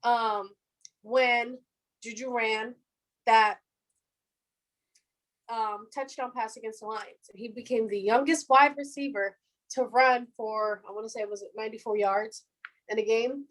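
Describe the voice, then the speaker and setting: A woman's voice: a little high, measured pace, pauses often, poor audio. Chatty young woman talking football. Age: 20s. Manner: chatty, animated, laughs often; fan of the team, says "our defense". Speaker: podcast co-host. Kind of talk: casual sports chat.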